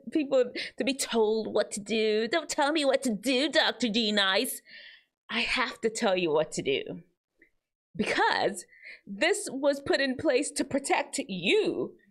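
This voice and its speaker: Woman, advice-show host, lively up-and-down delivery, chatty. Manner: animated, chatty, jumps between high and low tones. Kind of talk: casual advice talk to teens.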